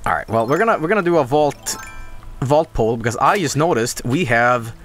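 A man's voice: medium pitch, animated, moderate pace, fairly bright tone, soft background music. A young man from Canada chatting casually through a gameplay stream, rambling, joking and correcting himself as he goes.

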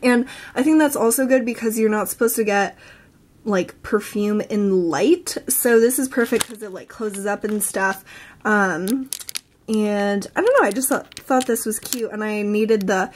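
A woman's voice: mid-range voice, unhurried. A young woman vlogging casually, showing her collection in a chatty way with many ums and likes. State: a bit out of breath. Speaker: beauty vlogger. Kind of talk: casual show-and-tell.

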